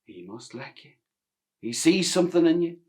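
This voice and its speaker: A man's voice: fairly high pitch, big pitch swings, moderate pace, a little mellow, voice pushed up. A man voicing an eager Northern Irish mother. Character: hopeful, proud working-class Irish mother.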